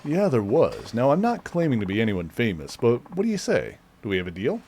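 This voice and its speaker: A man reading game dialogue aloud as a calm, matter-of-fact tough guy. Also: medium pitch, brisk, slight background noise. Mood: coaxing.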